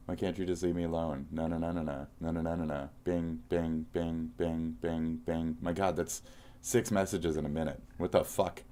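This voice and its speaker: Deep-voiced man ranting profanely on stream. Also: little pitch movement, moderate pace, mellow. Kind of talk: live-stream reaction commentary.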